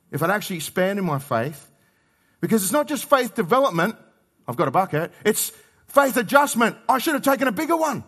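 A middle-aged Australian man preaching a sermon in a conversational way, swinging between loud emphasis and quiet asides. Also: high-pitched, husky. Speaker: pastor.

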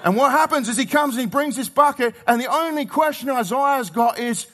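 A middle-aged Australian man preaching a sermon in a conversational way, swinging between loud emphasis and quiet asides. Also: extremely high pitch, animated, fairly quick. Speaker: pastor.

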